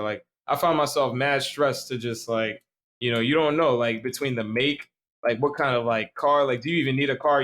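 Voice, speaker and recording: With a mid-range, fairly bright voice, a young man from Staten Island, New York co-hosts a podcast while tipsy. The talk is loose and wandering, packed with slang and swearing.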